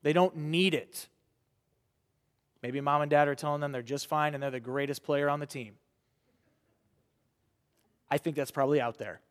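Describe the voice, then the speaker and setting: A man preaching a sermon to young people, earnest and rhetorical, with dramatic pauses. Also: fairly high pitch. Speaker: pastor. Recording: reverberant hall.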